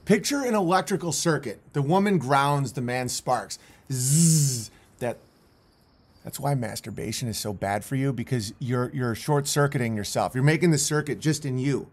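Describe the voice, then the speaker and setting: A man's voice: medium pitch, moderate pace. A man commentating on video clips in a rambling, intense way, with many restarts.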